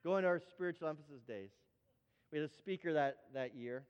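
A man preaching a sermon, telling stories with animated energy and often repeating words as he builds up. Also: a little high, brisk, clean tone, big-room sound, muffled recording. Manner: animated storytelling, repeats words when excited. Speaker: pastor.

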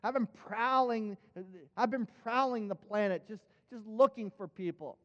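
A man's voice: sits high, normal speed, close to an everyday voice. The devil as a sly, evasive spirit who drawls his answers, as a preacher puts him on. It sounds dull and distant in an echoing church hall.

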